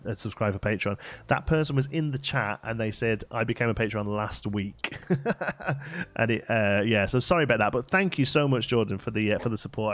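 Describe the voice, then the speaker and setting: A man from England, rambling casually as he hosts a game livestream and answers his chat. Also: lowish voice. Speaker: livestream host.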